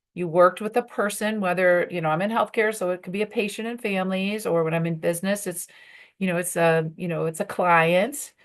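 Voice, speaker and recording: A woman leading a workshop for professional women, talking conversationally and acting out bits of dialogue. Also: fairly low pitch. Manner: conversational, with fillers and acted-out dialogue. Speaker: workshop leader.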